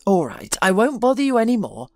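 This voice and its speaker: A woman's voice: mid-range voice, huge pitch swings, brisk, no room sound, soft background music. A woman voicing an elderly wealthy father who speaks in an insistent, scolding way.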